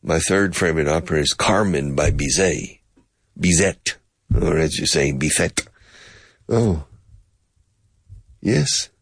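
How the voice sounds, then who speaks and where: Deep husky-voiced man teaching English. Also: a little slow, pauses often, no room sound, clean studio sound. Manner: acts out both sides of a conversation, switching pitch; explains phrases, mixing in Spanish. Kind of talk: playful self-dialogue English lesson.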